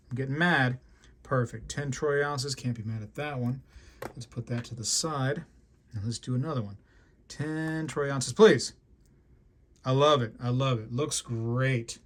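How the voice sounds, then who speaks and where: A man hosting a casual show-and-tell video, chatty and enthusiastic, rambling with lots of fillers. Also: medium pitch. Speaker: coin collecting video host.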